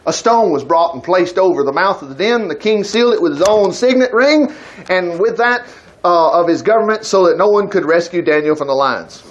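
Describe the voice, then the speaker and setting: A man's voice: high voice, animated, fairly quick, lo-fi sound, a little hiss or hum. A man preaching a folksy sermon, retelling scripture in everyday talk.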